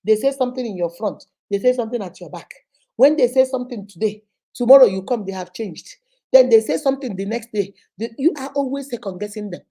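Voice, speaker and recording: Preachy Nigerian woman, mellow voice. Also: on the high side, fast, rough recording. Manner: animated and preachy, acting out quoted people. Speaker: vlogger giving life advice. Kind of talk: motivational talk to camera.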